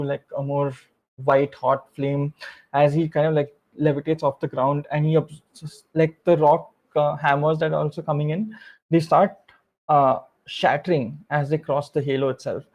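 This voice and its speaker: A man's voice: on the high side, steady tone, normal speed, darkish tone, low-quality recording. A man narrating a tabletop game as game master, rambling with many fillers and restarts.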